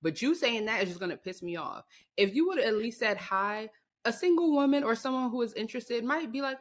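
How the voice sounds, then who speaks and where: A young woman co-hosting a podcast, chatting casually with quick, teasing remarks and frequent laughter. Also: fairly high pitch, animated. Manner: quick-witted, teasing interjections, laughs often. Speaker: podcast co-host. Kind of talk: casual chat.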